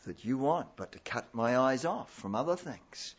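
A male preacher delivers a sermon, leaning on repetition and earnest pleading, and often circling back over his words. His pitch sits in an ordinary middle range. The recording sounds dull and lo-fi. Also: animated, moderate pace, few pauses, husky.

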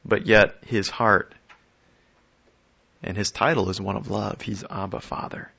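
A man preaching a conversational sermon. He often restarts and repeats his words and chuckles softly. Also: lowish voice, steady tone, a little slow, gravelly, breathy edge. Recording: dull lo-fi audio.

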